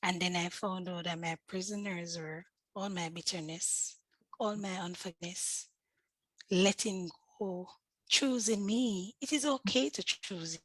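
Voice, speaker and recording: A middle-aged woman tells her personal story as a guest on a talk show. She speaks in an earnest, faith-filled, animated way and acts out the voices of people she quotes. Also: fairly low pitch, a little slow, dry recording, rough recording. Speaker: podcast guest.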